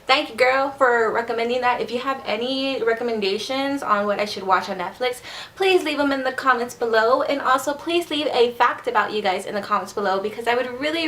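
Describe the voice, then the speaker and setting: A woman vlogger whose first language is Spanish talks to camera in a rambling, chatty way, slurring her words a little when she speaks fast. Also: a little high, a bit bright. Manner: chatty, rambling, repeats herself. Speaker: beauty vlogger. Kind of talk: casual chat to camera.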